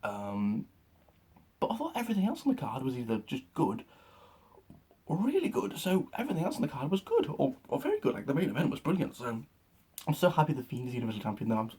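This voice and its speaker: A young man excitedly recapping a wrestling show in a rambling, casual way, with lots of fillers and swearing. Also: mid-range voice, fast talker, slightly rough. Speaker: wrestling reaction vlogger.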